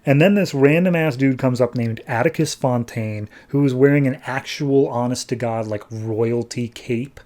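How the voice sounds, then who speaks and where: A man hosting a comics podcast, recapping an issue in a breezy, sarcastic way and slipping into quick character voices. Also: mid-range voice, a little mellow. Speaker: podcast host, comics reviewer. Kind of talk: casual comic-book recap.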